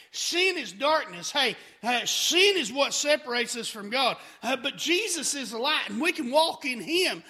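A man's voice: very high voice, pushed and bright. A man preaching a fervent sermon, often breaking in with "hey" and restarting his sentences.

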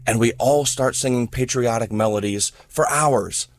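A man's voice: medium pitch, moderate pace, no echo. Dry, earnest male reporter. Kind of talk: narrated report.

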